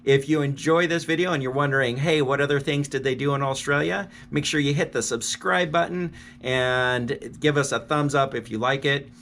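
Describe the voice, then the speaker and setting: A man's voice: medium pitch, moderate pace, hardly any pauses, a bit bright, slight background noise. A man in his fifties from the United States, talking in a chatty, joking way as a travel vlogger. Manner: chatty and jokey. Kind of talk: casual travel vlog talk.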